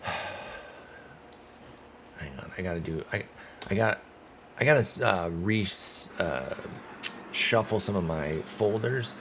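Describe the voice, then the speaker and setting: Gaming streamer, male, deep voice; relaxed play-by-play that flips into exasperated outbursts. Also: takes it slowly, long pauses, background noise. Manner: animated, swings from calm calls to loud outbursts and groans. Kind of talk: casual play-by-play of a baseball sim.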